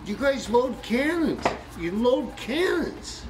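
A man voicing a Russian soldier who makes slow, emphatic guesses while telling a joke. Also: a little high, sing-song, over music, pitched above the performer's own voice, rough recording. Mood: insistent. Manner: slow, emphatic, pointing and declaring. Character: boastful male Russian soldier guessing ranks.

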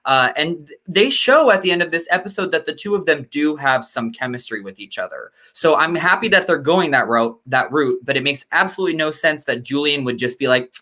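A man's voice: on the high side, animated, brisk, few pauses, sharp tone. A man appearing as a guest reviewer in a casual TV review chat, rambling and hesitant, with many restarts.

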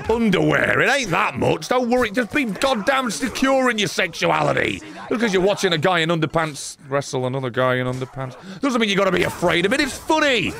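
A gaming streamer with a high-sitting, gravelly voice gives excitable live commentary on his game. He swears, laughs, and yells at the screen.

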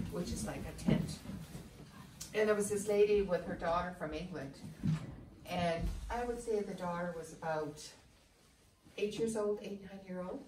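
Chatty woman telling a ghost story, echoey. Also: lowish voice. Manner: chatty, rambling, with fillers and restarts. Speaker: heritage village guide. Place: inside an old historic house. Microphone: camera from a distance. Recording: roomy echo, distant mic, clear background noise.

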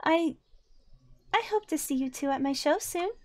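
A woman's voice: high voice, animated, moderate pace, a little mellow. A woman voicing a friendly female dancer in a game role-play, speaking with a smile. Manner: friendly, smiling. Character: cheerful female dancer performer.

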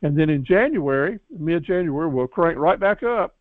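A man's voice: on the high side, lively intonation, moderate pace, no echo. Folksy man coaching, tinny phone-like sound. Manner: folksy, coaching, repeats words and restarts. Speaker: business course instructor. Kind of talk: graduation lecture to a class.

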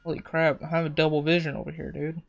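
A man's voice: on the high side, little pitch movement, fast talker, gravelly. A man giving casual, profane, joking commentary while playing a video game, talking to himself as he goes. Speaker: gamer. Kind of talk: casual let's-play commentary.

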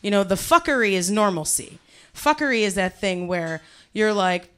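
A woman from Cleveland telling her life story to a live audience, profane and animated, swinging from quiet, low asides to shouted punchlines. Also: moderate pace. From Cleveland, USA.

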